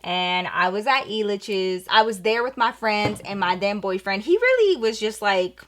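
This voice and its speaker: A woman in her twenties casually telling a story while doing her makeup, animated and slangy, swinging from hushed asides to loud bursts. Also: medium pitch, moderate pace, slight background noise. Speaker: vlogger.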